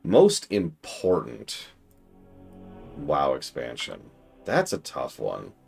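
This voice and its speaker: A young male streamer with a deep voice that swings widely as he talks. He gives enthusiastic, opinionated game commentary full of rambling asides. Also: wildly swooping pitch, takes it slowly, gravelly, darkish tone, soft background music. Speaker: streamer host.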